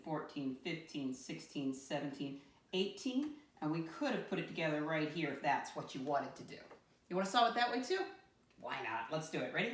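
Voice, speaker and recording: A woman teaching a math lesson to young children in a sing-song teacher voice, counting aloud and calling them "my friends". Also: sits low. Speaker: first grade teacher. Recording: roomy sound from a distant mic.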